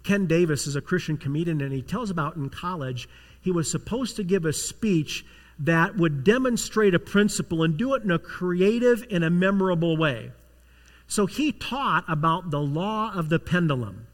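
A man's voice: fairly high pitch, lively intonation, normal speed. A man preaching a sermon as pastor, telling a story with rising intensity and acting out the voices of the people in it. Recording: long hall reverb.

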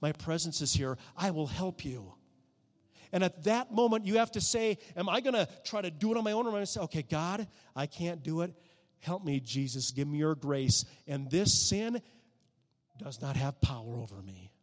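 A man with a fairly high voice delivers a sermon. He swings between hushed, intimate prayer and loud, emphatic preaching. His words carry a long reverb, as in a large hall. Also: expressive, normal speed.

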